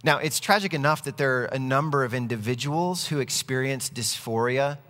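A man's voice: medium pitch, normal speed, a bit bright, long reverb tail. A man preaching a sermon, earnest and conversational, telling stories as he goes. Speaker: pastor.

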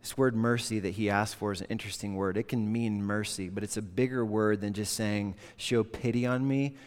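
A man preaching a sermon in an earnest, conversational way, slipping into animated quoted voices. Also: fairly low pitch, fairly quick. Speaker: pastor. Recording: long reverb of a large hall.

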